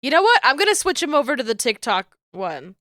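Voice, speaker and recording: A woman's voice: high voice, very animated, brisk, pushed and bright, no echo, clean studio sound. A young woman streamer chatting casually and swearing freely as she rambles. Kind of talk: casual livestream chat.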